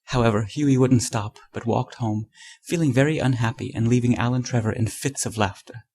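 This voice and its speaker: A man reading a classic short story aloud in measured, scripted narration. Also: medium pitch, steady tone, a little mellow. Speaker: audiobook narrator.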